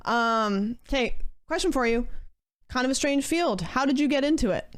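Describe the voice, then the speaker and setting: A woman's voice: sits high, lively intonation, normal speed, clean tone. A woman hosting mock improv interviews, polite and hesitant, with many "um"s and "like"s. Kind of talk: improv comedy.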